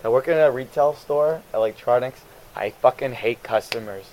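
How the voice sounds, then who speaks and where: A man ranting profanely in casual chat, swearing constantly and mocking customers in a high voice. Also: normal speed, a little mellow.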